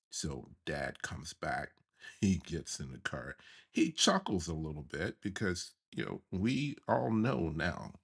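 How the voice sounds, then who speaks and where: Deep husky man telling a childhood story. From USA. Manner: animated, chuckles while telling. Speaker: podcast host. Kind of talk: memoir storytelling podcast.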